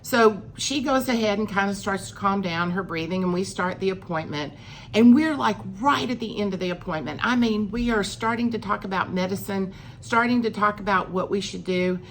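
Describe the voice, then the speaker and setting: Middle-aged lady telling a story on her vlog, chatty, acts out the quotes, bit of rumble behind. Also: moderate pace. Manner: chatty, acts out quoted lines with rising emphasis. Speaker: vlogger. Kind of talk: casual personal storytelling.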